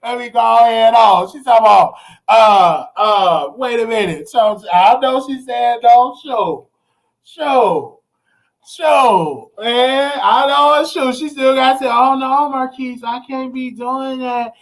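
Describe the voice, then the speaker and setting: A man hosting a live call-in show, telling a story in a loud, animated, rambling way, often shouting and laughing. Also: extremely high pitch, slow. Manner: rambling with frequent restarts and asides. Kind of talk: casual live-stream storytelling.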